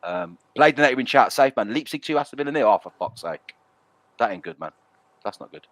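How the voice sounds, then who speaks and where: A man's voice: mid-range voice, expressive, fairly quick, a bit bright, no echo. A man hosting a casual live stream, talking bluntly with mild swearing and reading out chat messages. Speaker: stream host.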